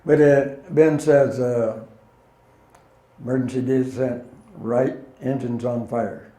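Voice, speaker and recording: An older man spins folksy, plainspoken stories for a room of listeners, his voice mellow and warm. He chuckles at his own punchlines, and the sound carries a roomy hall echo. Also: medium pitch. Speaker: guest speaker, former pilot. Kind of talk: anecdotal talk to an audience. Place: meeting hall.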